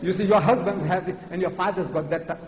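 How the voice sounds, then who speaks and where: A man's voice: fairly quick, background noise. A man in his seventies giving a fiery, emphatic public lecture on religion, with a militant preaching manner. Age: 70s. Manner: mocks other speakers with a high, weak voice. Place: large lecture hall before an audience. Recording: echoey large hall.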